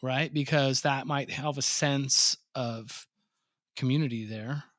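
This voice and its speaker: A man's voice: medium pitch, slow pace, no room sound, clean studio sound. A man, a pond business owner, telling stories in a casual podcast interview and acting out his own surprised reactions. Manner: animated storyteller, swears freely, acts out his own reactions.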